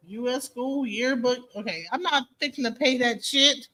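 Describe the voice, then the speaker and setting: A woman's voice: high voice, normal speed, few pauses, bright, forceful tone. A young woman hosting a casual live-stream chat, rambling and joking with plenty of profanity. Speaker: host.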